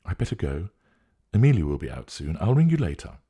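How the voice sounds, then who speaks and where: A man's voice: low voice, huge pitch swings, a little fast, dark tone, husky, heavily acted. A man reading a story, voicing a younger woman who brushes off worry on the phone. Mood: breezy.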